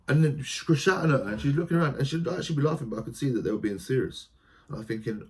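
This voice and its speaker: A man, a theatre practitioner talking as a podcast guest, animated and storytelling, often breaking into quoted voices and restarting his sentences. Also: medium pitch, rapid-fire. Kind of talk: conversational podcast interview.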